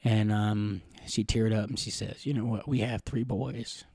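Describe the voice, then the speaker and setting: Soft-spoken middle-aged man telling stories. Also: lowish voice, steady tone, unhurried, slightly rough, dry recording. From Catawba Nation, Carolinas, USA. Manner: rambling, gentle storytelling with frequent chuckles and fillers. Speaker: interviewee. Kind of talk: personal storytelling in an interview.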